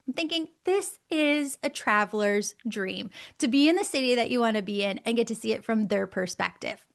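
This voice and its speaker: A middle-aged woman, a guest on the show, telling a personal story in a lively way, laughing often and acting out the voices she quotes. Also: a little high, moderate pace, creaky, hardly any pauses. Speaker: guest, angel communicator.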